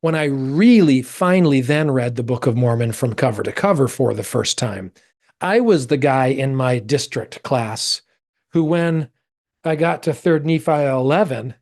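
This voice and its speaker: A middle-aged American man, an actor, telling a personal story as a podcast guest, animated and acting out quoted voices. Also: unhurried. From United States. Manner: animated, acts out quoted voices with big pitch jumps.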